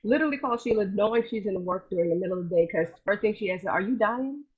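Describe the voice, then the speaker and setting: A woman co-hosting a podcast, telling lively casual stories in slangy speech with a husky voice over a video call. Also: medium pitch, racing, narrow, tinny audio. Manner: animated storyteller, colloquial, laughs easily. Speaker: podcast co-host. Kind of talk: casual chat.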